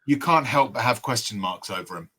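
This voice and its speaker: A man's voice: medium pitch, animated, a little fast, over a noisy crowd. A man chatting as a podcast guest, thoughtful and hesitant, with many restarts. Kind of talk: casual chat.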